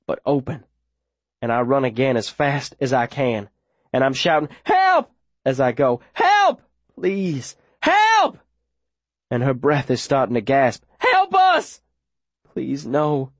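A man's voice: mid-range voice, no echo. A man reading a first-person audiobook with urgent, tense storytelling. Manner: urgent, tense storytelling with sudden shouted lines. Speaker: audiobook narrator.

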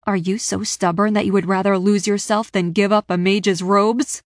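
A woman's voice: medium pitch, steady tone, normal speed, no room sound, clean studio sound, natural voice. Woman voicing a cold, commanding stranger. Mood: threatening. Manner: unsympathetic, commanding, forceful. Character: cold, menacing shadowy young woman stranger. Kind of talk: audiobook character voice.

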